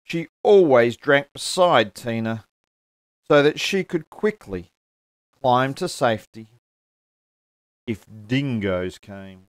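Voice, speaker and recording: A man reads a children's picture book to a church congregation, unhurried and expressive, his pitch rising and falling widely. The sound is dry and close to the mic. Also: dry recording. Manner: expressive storytelling. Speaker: story reader at a church service.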